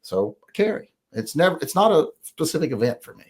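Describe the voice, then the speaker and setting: A man's voice: fairly high pitch, sing-song, a little fast, darkish tone. A middle-aged man with a drawl, hosting a casual livestream and reading chat, blunt and opinionated.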